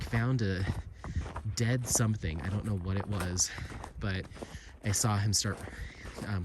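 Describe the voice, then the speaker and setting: Low-voiced man vlogging over loud noise. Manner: rambling and chatty, with many fillers. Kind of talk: casual walk-and-talk vlog. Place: outdoors on a mountain trail. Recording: heavy outdoor background noise. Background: loud outdoor noise.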